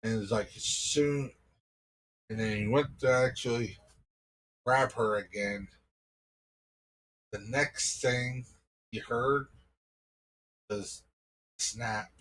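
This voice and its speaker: A man's voice: mid-range voice, takes it slowly, pauses often, fairly bright tone, poor audio. A man improvising a story, telling it casually and loosely, with many "like" fillers.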